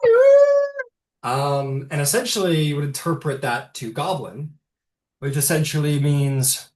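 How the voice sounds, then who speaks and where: A man's voice: fairly high pitch, normal speed. A man narrating a tabletop game as game master, rambling loosely with fillers and swearing. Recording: roomy, distant mic.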